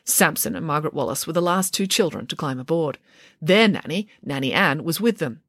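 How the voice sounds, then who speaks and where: A woman reads a children's audiobook with a playful, animated delivery. Her voice sits low but swings widely. The sound is dry and close. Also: fairly quick, no echo. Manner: lively, playful storytelling. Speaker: narrator. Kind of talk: audiobook narration.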